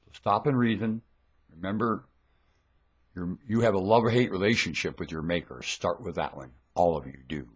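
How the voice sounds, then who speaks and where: A man giving a rambling, scornful religious monologue into a webcam at home, dropping to low mutters and then bursting into shouts. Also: normal speed, husky, dull audio. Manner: preachy, scornful, lectures the listener.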